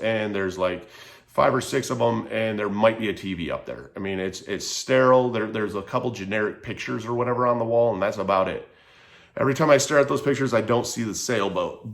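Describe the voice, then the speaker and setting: Man heatedly ranting through a story. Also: fairly low pitch. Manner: heated, profane, animated retelling. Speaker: vlogger telling a personal story. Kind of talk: casual storytelling to camera.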